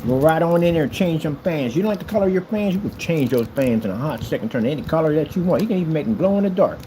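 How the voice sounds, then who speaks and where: Talkative guy showing off his pc wiring, voice jumps around a lot, kinda mellow tone. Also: a little high, expressive, quick pace, slight background noise, poor audio. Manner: chatty and boastful, with playful asides. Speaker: maker showing a custom PC build. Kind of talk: casual tutorial vlog.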